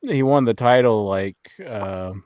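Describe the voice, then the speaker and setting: A man's voice: medium pitch, a little slow, smooth, dry recording, muffled recording. A man guest chatting casually, chiming in with short questions and asides. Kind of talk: casual chat.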